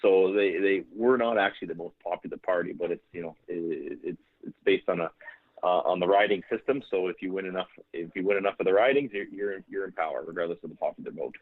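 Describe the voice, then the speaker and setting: A man's voice: low voice, fast talker, no echo. A man, a guest accountant speaking hesitantly and matter-of-factly, often repeating his words. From Canada. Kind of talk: guest on a podcast call. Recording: tinny phone-line call.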